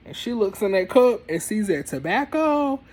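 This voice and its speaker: A man's voice: high voice, big pitch swings, moderate pace. A young man casually telling a story from his college days, laid-back and full of fillers. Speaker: storyteller host.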